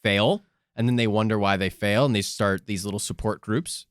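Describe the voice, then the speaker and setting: A man's voice: lowish voice, normal speed, clear, resonant tone, no echo, studio quality. A man co-hosting a casual podcast, crude and sardonic, often sighing. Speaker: podcast co-host.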